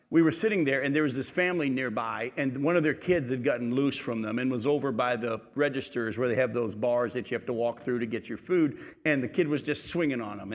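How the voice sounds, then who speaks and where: Emphatic preacher man in a reverberant hall. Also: medium pitch. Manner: emphatic, rising to shouts in stories. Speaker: pastor. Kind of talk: sermon.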